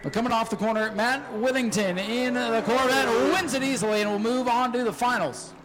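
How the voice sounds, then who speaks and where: A man announcing a spectator race from the flag stand at an outdoor speedway, excitable and joking, often shouting. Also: very high-pitched, fairly quick, background noise. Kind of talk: live race commentary over PA.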